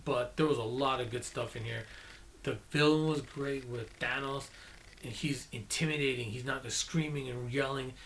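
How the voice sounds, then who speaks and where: A man's voice: medium pitch, fairly even intonation, normal speed, fairly bright tone, slight background noise. A man giving a casual, chatty spoken movie review, often correcting himself mid-sentence, with an accent of his own. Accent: non-native English, own accent. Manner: chatty, self-correcting, enthusiastic.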